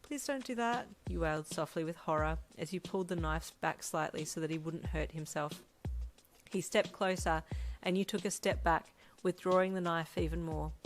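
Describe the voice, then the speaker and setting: A woman narrating a second-person fanfic story in a steady, even way. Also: on the low side, low-quality recording. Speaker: audiobook narrator. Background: faint music.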